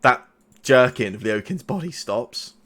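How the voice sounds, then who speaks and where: A man acting as game master, who narrates a tabletop game in a halting way with many restarts. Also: medium pitch, lively intonation, a bit bright.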